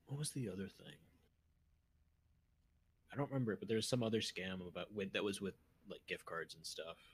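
A man's voice: low-pitched, lively intonation, a little fast, breathy edge. A young man co-hosting a casual podcast, rambling and trailing off mid-thought with frequent laughs. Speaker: podcast co-host.

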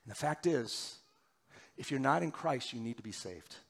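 A male pastor delivering a sermon, moving between loud urgent preaching and quiet, hushed passages. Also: mid-range voice, animated, normal speed.

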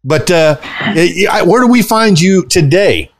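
A man in his fifties hosting a podcast interview, excitable and jokey, gushing over his guest. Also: high-pitched, measured pace, a little hiss or hum. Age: 50s. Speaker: podcast host and club DJ. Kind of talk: casual interview chat.

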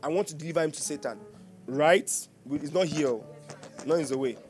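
A Nigerian man preaching with a fairly high voice, full of jokes and laughter. He keeps asking his congregation questions as he goes, over soft music in the background. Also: fairly quick. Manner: humorous, laughing often, teasing the congregation. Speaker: pastor. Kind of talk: sermon.

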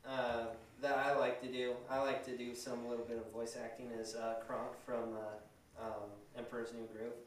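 A man's voice: mid-range voice, level tone, normal speed, far from the mic, a little hiss or hum. A man asking curious questions in a casual podcast chat. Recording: very echoey, off-mic.

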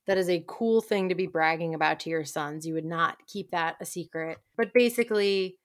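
Giggly woman with a lowish voice. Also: normal speed. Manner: giggly, laughs often while talking. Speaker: podcast co-host. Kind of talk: casual chat recapping a TV show.

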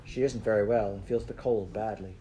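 A man's voice: on the low side, steady tone, fairly quick, warm tone, slight background noise, close to an everyday voice, poor audio. A man voicing a tired, plain-spoken village mother who speaks matter-of-factly.

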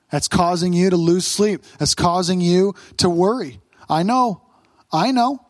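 A man preaching as a pastor, fervent and repetitive, swinging from urgent raised pleading to low hushed prayer. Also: dry recording. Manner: repeats phrases, stumbles and restarts. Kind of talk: sermon and closing prayer.

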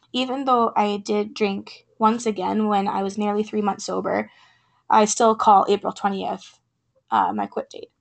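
A woman hosting her own podcast, talking earnestly with many fillers, her voice raspy from being sick. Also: medium pitch. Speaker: podcast host. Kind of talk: casual podcast talk and poetry reading.

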